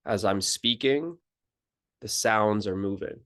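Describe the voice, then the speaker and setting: Slow, calm man giving a spiritual talk. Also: lowish voice. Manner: calm, unhurried, pauses and restarts phrases. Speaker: spiritual teacher. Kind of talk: slow contemplative teaching talk.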